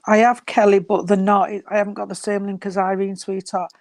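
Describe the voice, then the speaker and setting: A woman's voice: mid-range voice, little pitch movement, brisk, a little mellow, no echo. A woman giving spirit messages as a medium, affectionate and calling listeners sweetheart and darling. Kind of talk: giving spirit messages in an online healing service.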